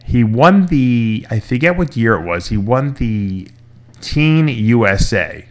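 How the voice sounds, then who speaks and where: A man's voice: medium pitch, sing-song, slow. A man hosting a casual talk show, telling a long story with restarts and quoted voices. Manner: rambling, retells stories with quoted voices, many restarts. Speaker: podcast host.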